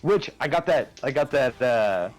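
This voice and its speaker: A man's voice: mid-range voice, lively intonation, normal speed, soft background music. A young man with a nasal voice, co-hosting a casual gaming stream with crude, joking banter. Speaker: co-host.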